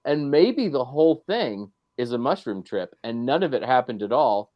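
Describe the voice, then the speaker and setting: A man on a video call floating wry, speculative ideas about a film in a relaxed, chatty manner. His voice sits in a middle range. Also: mid-range voice, moderate pace, highs cut off. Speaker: panelist. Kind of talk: casual film discussion.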